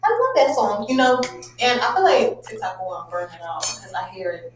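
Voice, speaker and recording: A woman's voice: medium pitch, very animated, normal speed, roomy sound, soft background music. A woman in her twenties co-hosting a podcast, telling stories animatedly and laughing often. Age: 20s. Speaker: podcast co-host. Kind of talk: casual chat.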